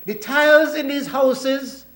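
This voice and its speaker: A man's voice: very high voice, slow pace, a bit bright. A man with a Kittitian accent giving a folksy, teasing parliamentary budget speech as a government minister. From Saint Kitts and Nevis. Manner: folksy, teasing, joking with colleagues. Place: parliament chamber. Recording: roomy echoing chamber.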